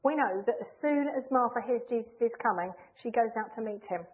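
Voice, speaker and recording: A woman preaching a sermon in an earnest, measured way, leaning hard on key phrases. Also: fairly high pitch. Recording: tinny phone-like line.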